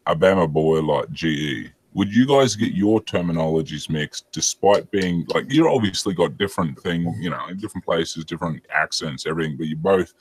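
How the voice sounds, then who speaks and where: A man's voice: low voice, animated, moderate pace, few pauses, a little hiss or hum. A man, chatting casually and crudely, joking and asking rambling questions. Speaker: podcast co-host. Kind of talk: casual chat.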